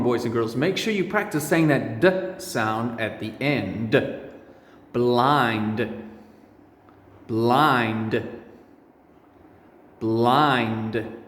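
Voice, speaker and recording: A man teaching English words to children, slowly repeating each one with exaggerated pronunciation in a classroom. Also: medium pitch. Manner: drawn-out, exaggerated word drills. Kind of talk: slow repeat-after-me pronunciation lesson for children. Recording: echoey room with long reverb.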